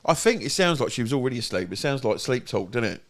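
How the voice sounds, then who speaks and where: Man, young adult, lively pitch, giggly, loose joking, relaxed banter. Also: fast. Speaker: podcast co-host. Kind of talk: casual banter.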